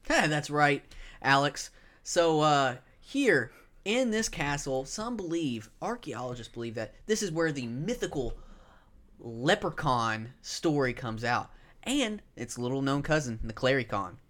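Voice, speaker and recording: Man doing a chatty castle tour guide, rambling, casual, lively pitch, fairly high voice. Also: unhurried. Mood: breezy. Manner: casual, rambling, name-dropping. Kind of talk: tabletop role-play.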